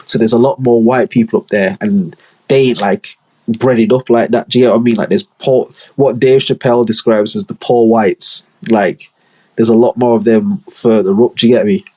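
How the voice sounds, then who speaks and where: On his own podcast, a young Leeds man in northern England rambles in casual slang, telling lively stories and breaking into mocking impressions. His voice is medium-pitched and a little husky.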